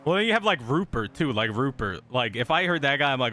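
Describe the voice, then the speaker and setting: A man's voice: medium pitch, big pitch swings, quick pace, few pauses, bright, forceful tone, slight background noise. A man streaming a police roleplay game, talking casually with easy swearing and laughter. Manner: laid-back, swears casually, laughs easily. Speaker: streamer playing a police officer. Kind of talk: casual gaming stream and in-game radio chatter.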